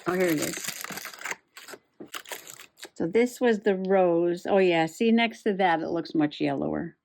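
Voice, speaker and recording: A woman's voice: lowish voice, a little slow, gravelly, a little mellow, slight background noise. A middle-aged woman chatting casually to herself while journaling and crafting, giggling often as she goes. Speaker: journaling vlogger.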